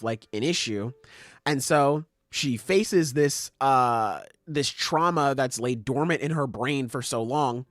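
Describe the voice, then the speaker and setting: A man hosting a podcast, ranting in a casual, profane and animated way. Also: medium pitch, no room sound. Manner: animated, profane, critical ranting with acted quotes. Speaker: podcast host.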